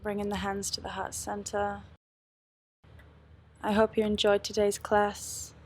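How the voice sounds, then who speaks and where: A woman yoga teacher guides a meditation in a slow, soft-spoken way. Her pitch sits in a middle range and barely moves, which keeps the delivery steady and even. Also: slight background noise.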